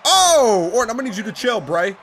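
High, lively young man excitedly gaming. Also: brisk. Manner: loud, excitable, swears and shouts at the game. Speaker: gaming commentator. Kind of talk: excited let's-play commentary.

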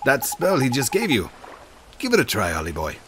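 A man's voice: mid-range voice, wildly swooping pitch, normal speed, music in the background, voice pushed up. A man voicing Drippy, a folksy fairy sidekick. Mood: curious. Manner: folksy, drawling, sprinkled with "man" and "Ollie boy". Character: chatty male fairy sidekick, folksy and friendly.

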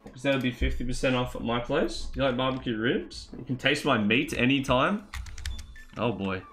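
A man's voice: mid-range voice, normal speed, fairly bright tone, soft background music. A man streaming a video game, chatting casually with his live chat, reading messages aloud and laughing often.

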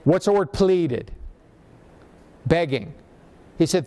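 A man's voice: high-pitched, animated, unhurried, a little mellow. A male pastor preaching a sermon, firing questions at the congregation and making sarcastic asides. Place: church.

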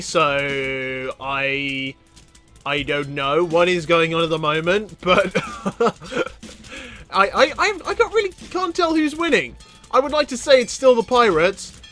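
A man with a high, bright voice gives excitable gameplay commentary for his channel, laughing easily and yelping out loud reactions. Faint game music plays quietly behind his voice, which is recorded on a desk mic as he plays. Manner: excitable, quick to laugh, bursts of loud exclamations. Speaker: gaming channel host.

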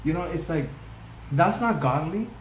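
Man, slightly high voice, near tears, raw and repetitive; roomy echo. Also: animated, measured pace. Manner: raw, heartfelt, repeats himself for emphasis. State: on the verge of tears. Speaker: reaction video co-host. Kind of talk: emotional casual reaction talk. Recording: roomy echo, faint background noise.

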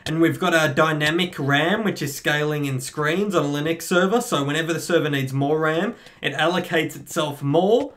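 Excitable young gamer yelling taunts. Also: male voice, a little high, slight background noise. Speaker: gaming YouTuber. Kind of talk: live Minecraft gameplay commentary.

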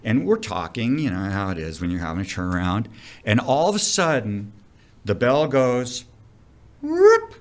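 Animated middle-aged man spinning a story. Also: fairly low pitch, normal speed. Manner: animated, profane, vivid storyteller. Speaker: commercial diving instructor. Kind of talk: casual storytelling interview.

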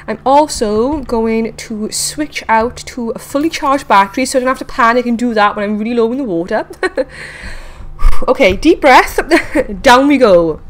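A woman hosting a casual game video, chatting excitedly to viewers and talking to the creatures she meets. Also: fairly high pitch, moderate pace. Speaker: gaming video host. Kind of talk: casual let's-play commentary.

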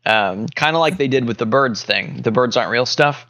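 A man co-hosting a casual podcast, rambling through a mock conspiracy theory with a deadpan tone and lots of fillers. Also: medium pitch, moderate pace. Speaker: podcast co-host. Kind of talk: casual joking chat.

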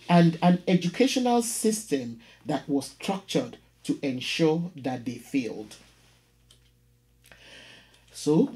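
A man narrates a history lesson and reads poetry at an unhurried pace. His pitch moves a lot, and he leaves measured pauses between phrases. Now and then he stumbles over a word and restarts. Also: dark tone. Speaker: host of an educational history channel.

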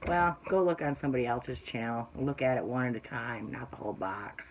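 A woman's voice: a bass voice, lively intonation, brisk. A woman vlogger rambles casually through an unboxing haul and talks straight to her viewers. She sometimes turns to exasperated complaining about her audience. The recording sounds slightly dull and lo-fi, with a faint hiss underneath. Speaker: craft vlogger and shop owner. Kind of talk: chatty unboxing haul video.

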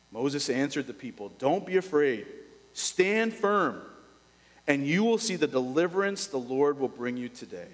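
A male pastor preaching a sermon, dropping to a hush and then rising with urgency. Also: fairly high pitch, long reverb tail, low-quality recording. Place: church.

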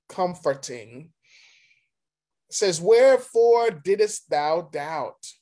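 With a fairly high, slightly mellow voice, this pastor leads a Sunday school lesson, reading Bible passages aloud and working through their meaning in a slow, stop-and-start manner full of pauses.

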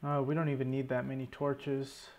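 A man's voice: mid-range voice, flat delivery, moderate pace, a little mellow, dull audio. A man casually commentating his own gameplay, talking to himself, stressed, annoyed and swearing often. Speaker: gaming channel host. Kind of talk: casual let's play commentary.

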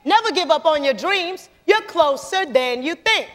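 A woman doing a calm reassuring stranger. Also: very high-pitched, full character voice. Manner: slow and reassuring. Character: calm encouraging male stranger on a mountain. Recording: long church hall reverb.

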